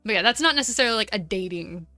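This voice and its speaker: A woman's voice: mid-range voice, expressive, sharp tone, dry recording, faint music behind. A woman with an American Valley Girl accent, chatting casually and swearing while streaming a game. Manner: chatty, swearing, quick asides.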